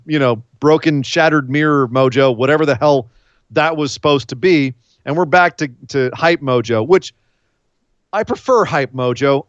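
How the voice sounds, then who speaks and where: A man co-hosting a wrestling podcast in casual chat, joking and animated with quick asides. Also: on the high side, dry recording, highs cut off.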